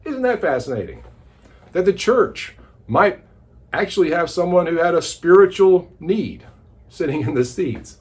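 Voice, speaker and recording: A man leads a devotional Bible teaching with lively, dramatic storytelling. His slightly high voice rises and falls a great deal as he paints the scene for listeners. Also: unhurried.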